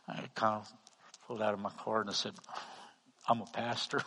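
A man with a Texan accent, a pastor telling a story in a sermon, acting out the dialogue and swinging from loud to hushed. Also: mid-range voice, brisk, vocal fry, breathy edge, in a large hall. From Texas. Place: church hall.

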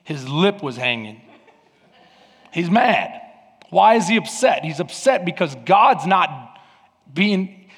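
A man's voice: high voice, big pitch swings, slow pace, pauses often, a bit bright, husky. A man preaching a sermon as pastor, fervent and emphatic. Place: church sanctuary. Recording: long hall reverb.

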